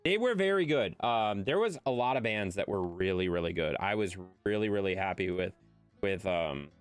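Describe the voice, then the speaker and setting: A woman streamer talks casually to her audience, bouncing her voice all over the place as she jokes and swears. The sound is dry and close, with a little music playing quietly underneath. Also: very deep voice, normal speed, no echo. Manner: animated, jokey, reads chat aloud and swears freely. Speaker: live streamer. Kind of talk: casual live-stream chat.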